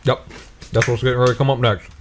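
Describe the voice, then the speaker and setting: A man's voice: medium pitch, flat delivery, quick pace, background noise. A man co-hosting a casual snack review at home, joking, laughing often and reading labels in a mock-dramatic way.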